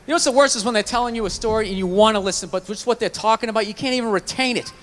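Guy doing a sweary stand-up rant, real high voice, keeps slipping into mocking character voices. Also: racing. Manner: profane ranting storyteller. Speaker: stand-up comedian. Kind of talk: stand-up routine. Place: stage clip played inside a reaction video.

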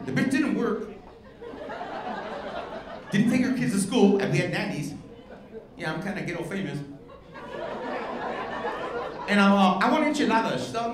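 A male stand-up comedian doing loud, profane crowd work from a club stage, teasing the audience. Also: sits high, big pitch swings, moderate pace, pauses often. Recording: echoey live club with crowd noise. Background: audience laughter and bar chatter.

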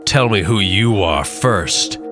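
A suspicious, commanding man trapped in a dark room, voiced by a male narrator. His voice sits low and he speaks curtly, snapping at strangers. Faint music plays behind him. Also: animated, measured pace. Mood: tense, gruff. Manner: curt, commanding.

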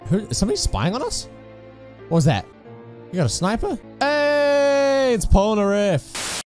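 A man hosting an anime reaction video, reacting with loud, swearing outbursts and shouts. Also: fairly low pitch. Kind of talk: excited reaction commentary.

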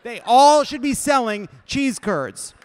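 A man's voice: very high voice, expressive, slow pace, clear, resonant tone. A man in his thirties, a podcast host, ranting about food in a profane, emphatic, mock-outraged way. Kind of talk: comedic rant about food.

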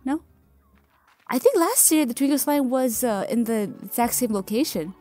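High-voiced, excitable woman gamer, gushing commentary to viewers. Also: moderate pace, faint music behind. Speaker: gaming video creator. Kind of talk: game commentary.

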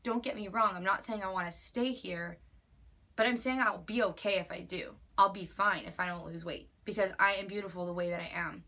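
A woman's voice: medium pitch, fairly even intonation, brisk, pushed and bright. Woman, 20s, vlogger; heartfelt and emphatic, everyday mid-range voice, close to tears at moments. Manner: earnest, emphatic, with many likes and repeated phrases. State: near tears at times. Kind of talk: personal heartfelt vlog.

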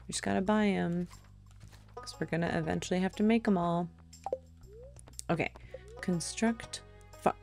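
Woman doing let's play commentary, kinda gravelly, mellow voice, gets all excited and talks to chat. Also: on the low side, moderate pace, pauses often, soft background music. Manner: excitable, exclaims and thinks aloud while playing; talks straight to her viewers. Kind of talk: casual gameplay commentary.

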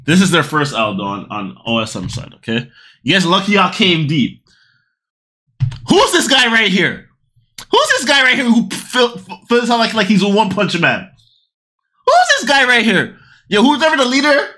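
A woman hosting a casual reaction video. She is excitable and loud, repeats phrases over and over, and swears freely. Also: mid-range voice, moderate pace.

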